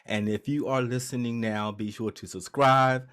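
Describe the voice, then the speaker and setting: A man's voice: mid-range voice, fairly even intonation, normal speed, a bit bright. A man co-hosting a podcast in casual chat, hesitant with many fillers and restarts, laughing often. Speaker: podcast co-host.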